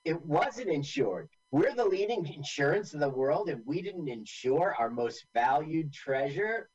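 A man's voice: a little high, lively intonation, unhurried, darkish tone, husky, dull audio. A man co-hosting a radio show, chatting casually and retelling scenes by acting out the lines. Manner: loose storytelling, acts out quotes. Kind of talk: casual chat.

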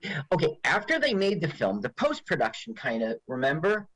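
A man's voice: fairly high pitch, brisk, breathy edge, poor audio. A man co-hosting a podcast, chatting casually and jokingly while watching a movie together. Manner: animated, jokey, mimics lines in silly voices. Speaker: podcast co-host.

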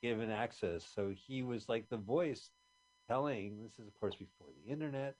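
A man's voice: medium pitch, normal speed, darkish tone. A man talking casually on a radio show, rambling through film memories and trivia. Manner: rambling, chatty, trivia-minded. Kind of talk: casual movie commentary chat.

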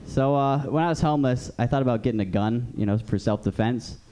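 A man's voice: medium pitch, fairly quick, dark tone, slight background noise. A man doing a stand-up comedy set on a club stage, telling profane, rambling stories into a stage mic.

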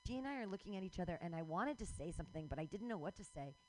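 A woman's voice: lowish voice, rapid-fire, rough recording. A woman in her forties hosting a radio show, ranting casually with swearing and frequent laughs. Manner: animated, swearing, laughs often.

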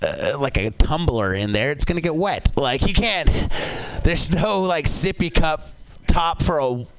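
A man performing a stand-up comedy set on a club stage, with an animated delivery that jumps suddenly up high. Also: measured pace, clear, resonant tone, poor audio.

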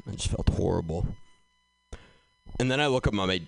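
Man, low voice, stand-up comedy host, rambling storytelling with fillers. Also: animated, moderate pace, vocal fry, no room sound. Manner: loose storytelling with many fillers. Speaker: comedy show host and comic.

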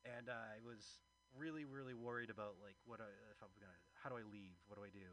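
Male comedian and open-mic emcee, bright, forceful tone, loose, rambling, chuckling delivery. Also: fairly low pitch, fairly even intonation, fast, a little hiss or hum, low-quality recording. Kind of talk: stand-up comedy set.

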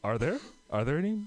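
High-voiced, animated stand-up comedian man. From Trinidad and Tobago. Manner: profane, laughs through his lines.

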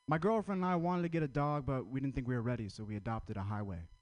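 Male stand-up, deadpan one-liners, mid-pitched, dry close mic. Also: fast talker, dry recording. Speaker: stand-up comedian.

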